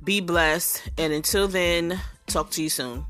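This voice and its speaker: Woman in her 30s, casual solo podcast, lowish voice, candid and frustrated, faint music behind. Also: a little slow, a bit bright. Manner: talks straight to listeners, frustrated and candid. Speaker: podcast host.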